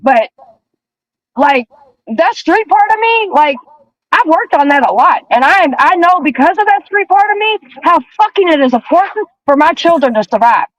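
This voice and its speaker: A woman's voice: extremely high pitch, lively intonation, moderate pace, no room sound, muffled recording. A middle-aged woman on a call-in panel, talking in a heated, profane, emphatic way. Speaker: panel guest. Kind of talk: heated casual chat. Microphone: phone or video call.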